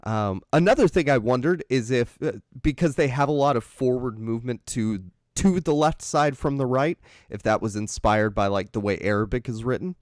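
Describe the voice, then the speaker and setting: A man's voice: medium pitch, normal speed, few pauses, no room sound, clean studio sound. A man co-hosting a casual film chat, meandering and thinking aloud as he retells a story. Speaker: podcast co-host. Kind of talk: casual chat about films.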